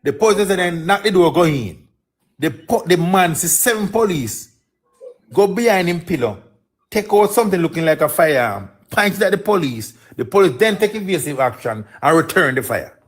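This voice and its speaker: A man's voice: high voice, expressive, normal speed. A man with a Jamaican accent calling in to a debate, interrupting insistently to make his point. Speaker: caller. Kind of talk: heated debate.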